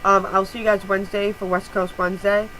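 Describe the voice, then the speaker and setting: A woman's voice: medium pitch, flat delivery, fairly quick, fairly bright tone, slight background noise, low-quality recording. A woman vlogging to camera, telling a heated story with lots of swearing and strong emphasis. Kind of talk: casual vlog rant.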